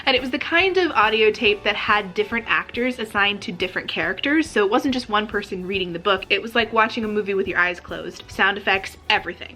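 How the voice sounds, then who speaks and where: A woman's voice: medium pitch, bright, forceful tone. An American woman hosting her own vlog, chatting casually with friendly asides to viewers. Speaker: vlogger host.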